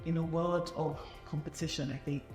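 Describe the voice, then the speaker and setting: A woman with a notably low voice hosts a conversation, encouraging her guest and talking with fillers and restarts. The room is echoey, with faint music in the background. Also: fairly even intonation, normal speed, darkish tone. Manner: affirming, many fillers and restarts. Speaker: interviewer and event host. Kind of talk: warm conversational interview.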